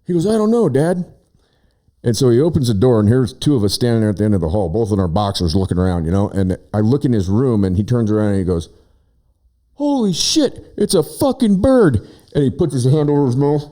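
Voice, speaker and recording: A man's voice: fairly low pitch, racing, few pauses. A man from Oregon chatting casually in a studio, telling a long rambling story with lots of fillers and restarts. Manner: rambling, animated storyteller who shouts out quoted lines. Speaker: guest, visiting brother. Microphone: studio microphone.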